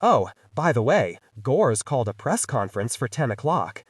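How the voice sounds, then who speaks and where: A man's voice: medium pitch, sing-song, normal speed, husky, dry recording, distant mic. A savvy female reporter with a wry, knowing way of teasing, as a man reads her in an audiobook. The sound is dry and close.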